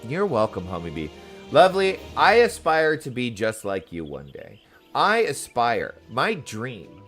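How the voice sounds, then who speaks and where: A game streamer with a mid-range, slightly bright voice chats casually as he plays a video game. He reads the game's dialogue aloud in playful voices.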